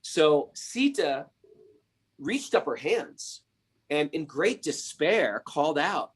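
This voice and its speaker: A man's voice: fairly high pitch, lively intonation, normal speed, husky. A man hosting a spiritual podcast, retelling stories with emphatic rhetorical questions. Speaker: podcast host. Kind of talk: spiritual storytelling and teaching.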